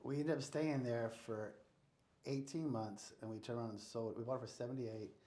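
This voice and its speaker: A man's voice: medium pitch, brisk. An American man telling stories in a casual interview and acting out the dialogue as he goes. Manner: animated storyteller acting out dialogue. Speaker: real estate investor guest. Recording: roomy echo.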